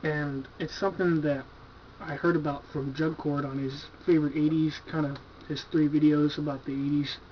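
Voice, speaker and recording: Casual, profane man, higher-pitched voice. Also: level tone, moderate pace, hardly any pauses, a little hiss or hum. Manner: laid-back, profane, enthusiastic, filler-heavy. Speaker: horror movie collector reviewing his purchases. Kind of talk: casual video review. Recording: dull lo-fi home video recording.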